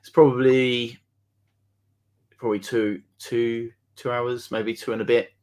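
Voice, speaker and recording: An easygoing man from England chats as a guest on a relaxed hobby stream. He hesitates often with ums and laughs along easily. His voice sits at an ordinary male pitch. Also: a little slow. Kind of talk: casual hobby chat.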